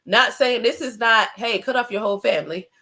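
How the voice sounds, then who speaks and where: A woman hosts a casual livestream talk through a computer camera setup, her voice a little high and a little fast. She speaks conversationally, often saying "like" and asking "right?", and animatedly acts out inner thoughts.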